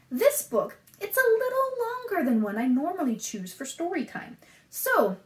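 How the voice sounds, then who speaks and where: A woman leading a children's storytime, reading aloud, singing and laughing often in a bright, sing-song way. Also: high-pitched. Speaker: children's librarian. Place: library room. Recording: echoey room, somewhat far from the mic.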